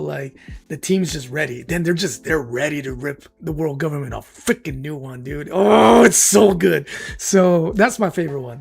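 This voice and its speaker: A man hosting a livestream, telling a story in casual, excited, rambling chat full of fillers and emotional outbursts. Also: a little high, gravelly, slightly rough. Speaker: streamer and channel host.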